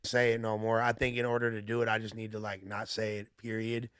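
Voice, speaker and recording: A man as a podcast guest, talking in a measured, earnest way that often trails off softly. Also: on the low side, monotone, clean tone, dry recording, clean studio sound. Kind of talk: casual podcast conversation.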